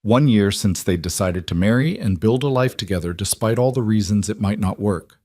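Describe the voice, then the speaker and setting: A man with a fairly low voice reads a western story in scripted narration. His delivery is steady and measured, and the recording is dry and close with no room sound. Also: no echo.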